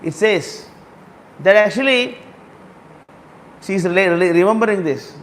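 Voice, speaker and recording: A man giving a storytelling sermon, repeating phrases and slowly explaining words and verses. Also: sits high, fairly bright tone, a little hiss or hum. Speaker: speaker at a temple gathering.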